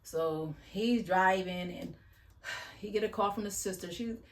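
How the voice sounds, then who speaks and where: A woman's voice: mid-range voice, unhurried. A woman giving a casual, blunt recap of a reality show, chatty and slangy, sighing as she retells scenes.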